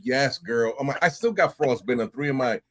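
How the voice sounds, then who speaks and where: A middle-aged man from New York, a podcast guest telling his stories in casual, animated talk, often laughing and acting out voices. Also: mid-range voice, fairly quick. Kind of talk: casual interview storytelling.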